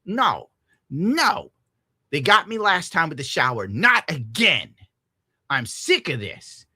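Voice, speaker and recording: Profane ranting young man, bright and dry. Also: a little high, slow, breathy edge, no room sound. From United States. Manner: profane, animated, ranting, laughs often. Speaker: streamer reading donations. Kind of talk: casual rant to chat.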